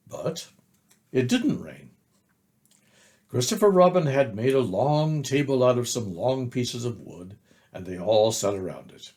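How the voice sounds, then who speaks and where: An older man reading a children's book aloud, narrating slowly and gently. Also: mid-range voice. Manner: slow, gentle, expressive narration. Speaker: storyteller.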